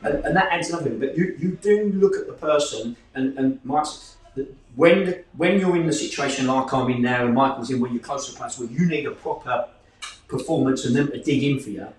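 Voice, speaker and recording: A man, a football club manager talking plainly and at length, his pitch jumping as he makes his points. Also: brisk. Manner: plain-spoken, rambling, lively pitch swings. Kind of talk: casual discussion. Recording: echoey room from far off.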